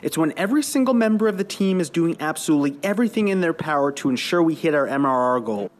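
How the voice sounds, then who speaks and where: A man's voice: fairly high pitch, sing-song, quick pace, a little hiss or hum, pitched above the performer's own voice. A man playing an eager young saleswoman. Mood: earnest. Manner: earnest, textbook-like. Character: eager young woman reciting sales jargon.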